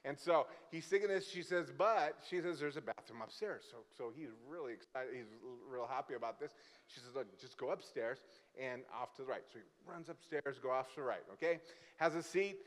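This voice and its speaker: A man's voice: mid-range voice, fairly quick. A man from Brazil, a guest pastor, telling a funny story in a sermon and acting out the people in it. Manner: lively, joking storyteller who acts out the characters. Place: church sanctuary. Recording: church hall with long reverb.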